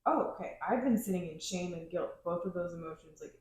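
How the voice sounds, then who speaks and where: A woman's voice: fairly low pitch, a little fast, a little mellow. A woman co-hosting a podcast, talking in a loose, rambling way full of "like". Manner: rambling, heavy use of "like". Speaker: podcast co-host. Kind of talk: casual chat. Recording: very echoey room.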